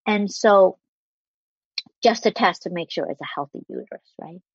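A woman with a husky, slightly breathy voice shares a personal story in an earnest, heartfelt way, stopping and restarting now and then. The sound is dry and close, on a dull, lo-fi recording. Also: on the low side, lively intonation, normal speed, no echo. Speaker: interview guest. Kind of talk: candid personal storytelling in conversation.

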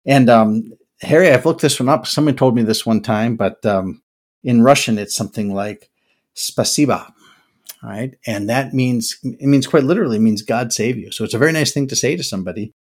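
A man's voice: mid-range voice, normal speed, darkish tone. An older man hosting a podcast, talking through his thoughts in a reflective, musing way and often restarting his words. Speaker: podcast host. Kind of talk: casual podcast monologue.

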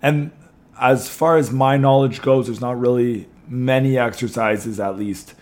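Slightly hoarse man hosting a podcast. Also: mid-range voice, steady tone, unhurried, a little mellow. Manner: chatty, many ums and restarts. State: losing his voice a little. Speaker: podcast host. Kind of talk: casual podcast talk.

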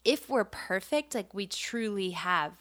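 A woman's voice: mid-range voice, expressive, measured pace, fairly bright tone. A young woman co-hosting a faith podcast, telling stories in an earnest, casual way with many "like" fillers. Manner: storytelling, earnest, frequent "like" fillers. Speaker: podcast co-host.

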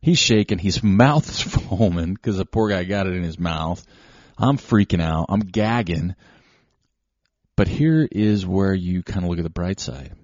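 Low husky man telling a rambling story. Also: a little slow, no room sound. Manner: rambling, self-deprecating, animated anecdotes. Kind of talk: casual storytelling monologue. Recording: slightly dull lo-fi recording.

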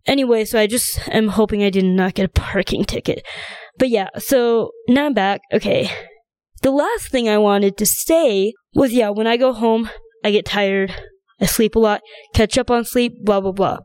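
A young woman talks through a casual solo podcast episode, wandering from thought to thought with lots of fillers. Her voice sits a bit high, and the sound is dry and close, with almost no room around it. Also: moderate pace, darkish tone, no room sound. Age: young adult. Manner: rambling, chatty, lots of fillers. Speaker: podcast host.

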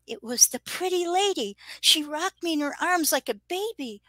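A woman's voice: sits high, expressive, moderate pace, bright, forceful tone, no echo, voice pushed up. A woman voicing a frightened twelve-year-old girl who speaks in a small, murmuring voice. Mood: wondering.

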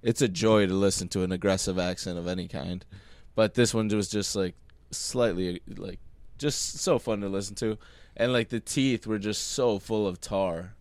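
A young man with a lowish voice chats casually on a podcast. His tone is smooth and laid-back, and he chuckles through his remarks. The recording is dry and close. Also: fairly even intonation, normal speed, few pauses, a little mellow, dry recording. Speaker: podcast co-host. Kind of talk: casual chat.

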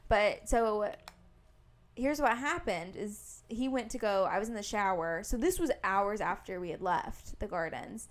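Speaking at a measured pace in a mid-range voice, a young podcast co-host recounts a story during a casual chat. She performs the quotes with animation and uses "like" frequently.

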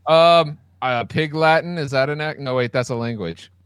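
Slightly high, hesitant male co-host. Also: moderate pace, fairly bright tone, smooth, no echo, clean studio sound. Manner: hesitant, laughing, flustered. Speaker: podcast co-host. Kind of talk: casual podcast chat.

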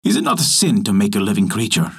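A man doing a stern imperious old king from a folktale, husky voice that rises and falls a lot as he speaks in old-fashioned phrases, storybook reading. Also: on the low side, very animated, fast talker, pitched below the performer's own voice, full character voice. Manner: archaic, imperious speech.

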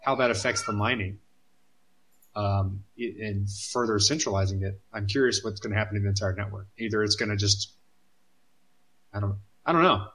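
A man's voice: fairly low pitch, steady tone, brisk, bright, forceful tone. A man co-hosting a podcast who talks casually, thinking aloud and often repeating his words. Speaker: podcast co-host. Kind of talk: casual chat.

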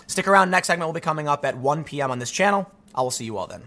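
Running his own channel, a young adult man from the US launches into a restless, animated solo commentary, often starting sentences over. He speaks a little high and rapid-fire, with barely any pauses.

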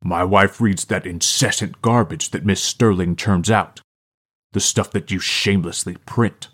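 Picture a stiff small-town mayor in a tweed suit, voiced by a male narrator. He talks formally and slowly in a low voice, impatience kept just under the surface. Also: fairly bright tone. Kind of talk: audiobook character reading.

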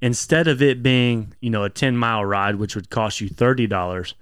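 A man co-hosting a podcast in casual chat, blunt and quick to swear and rant. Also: mid-range voice, fairly bright tone, clean tone, no room sound, clean studio sound. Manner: blunt, swears freely, rants in bursts. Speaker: podcast co-host.

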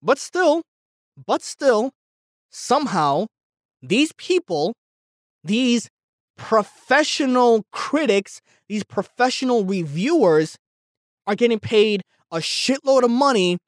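A young man hosting a solo podcast, ranting heatedly and swearing. He repeats himself and swings between yelling and muttering. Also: very high voice, animated, takes it slowly, no echo, clean studio sound. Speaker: podcast host.

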